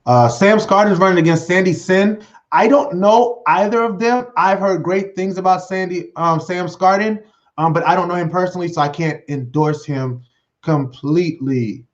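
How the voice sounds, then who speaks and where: A man hosting his own solo talk show, excited and rambling, with lots of fillers and restarts as he talks at his computer. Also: sits high, moderate pace, highs cut off. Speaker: host. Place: home desk setup with green screen.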